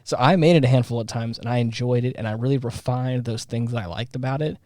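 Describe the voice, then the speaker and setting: A man co-hosts a casual podcast chat and rambles through his thoughts with many false starts. His voice is mid-pitched and mellow. The recording is dry and close to the mic. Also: steady tone, quick pace, no echo. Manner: rambling, lots of fillers and restarts. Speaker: podcast co-host.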